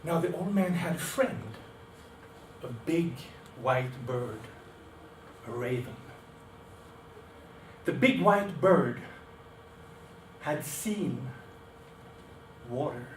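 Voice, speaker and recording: A man telling a folk tale as a speech to a club meeting, dramatic and expressive. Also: on the high side, very slow, pauses often. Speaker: club speaker. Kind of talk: storytelling speech. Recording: roomy, distant, faint background noise.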